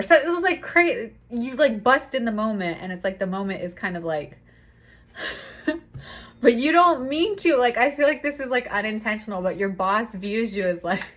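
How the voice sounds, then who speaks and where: Young woman, tarot reader, chatty and laughing a lot, loose casual talk, mid pitch. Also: a bit bright. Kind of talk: casual tarot reading to camera.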